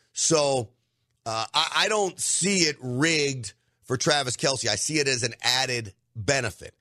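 A man's voice: mid-range voice, sharp tone, no room sound, studio quality. A middle-aged man hosting a podcast, delivering an emphatic opinion monologue straight to his listeners. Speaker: podcast host.

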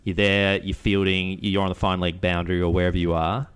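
A man's voice: low-pitched, completely flat delivery, a little fast, a bit bright, clear, resonant tone. A man co-hosting a podcast, bantering with laughs and swearing in casual chat. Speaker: podcast co-host.

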